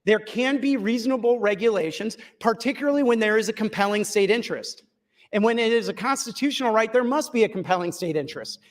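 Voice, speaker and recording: High-voiced lawmaker losing his voice. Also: fast talker. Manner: firm, lawyerly, repeats key points. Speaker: state senator in floor debate. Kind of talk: legislative floor speech. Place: legislative chamber.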